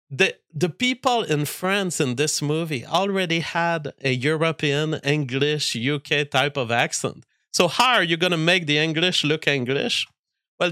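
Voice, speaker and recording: A man talks through a film review in a loose, casual way, sounding fed up and ranting as he goes. His voice is bright and forceful, and he often restarts his sentences. The sound is dry and close, with no room around it. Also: a little high, no room sound. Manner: exasperated, ranting, frequent restarts. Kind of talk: casual spoken film critique.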